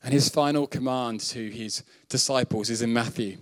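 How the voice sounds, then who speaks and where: A man from the south of England preaching a sermon, who lifts his voice high when he quotes scripture and laughs off his own slips. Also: moderate pace. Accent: Southern English. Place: church hall.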